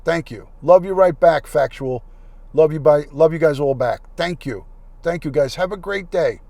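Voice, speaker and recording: A man's voice: a little high, normal speed, warm tone, no room sound. Livestream host, male, chatty and grateful to his chat, dry close sound. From United States. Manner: chatty, thanks viewers by name. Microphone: plug-in mic.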